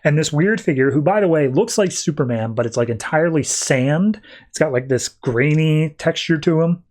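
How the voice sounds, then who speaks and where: A man's voice: fairly high pitch, expressive, darkish tone. A man hosting a podcast, casually retelling a comic-book issue in a loose, chatty way with plenty of fillers. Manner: loose storytelling full of "like" and quick restarts. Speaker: podcast host.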